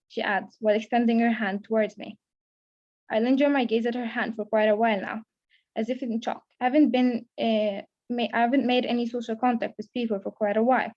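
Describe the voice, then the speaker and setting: Young woman reading her story, flat. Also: on the high side, a little fast, highs cut off. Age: young adult. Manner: steady first-person reading with small restarts. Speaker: creative writing student. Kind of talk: reading own fiction aloud. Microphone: video call.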